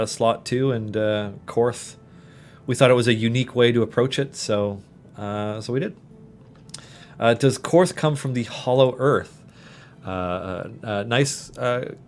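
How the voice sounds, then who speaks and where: A man's voice: fairly low pitch, slight background noise. A man with a Canadian accent hosting a casual livestream, reading and answering chat questions with many fillers and restarts. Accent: Canadian English.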